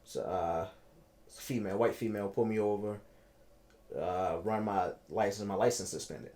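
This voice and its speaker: Guy in his 30s telling his story, animated, repeats himself to hammer a point. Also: moderate pace. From Baltimore, United States. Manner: animated, repeats himself, builds to emphatic highs. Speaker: podcast host telling his own story. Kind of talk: casual storytelling interview.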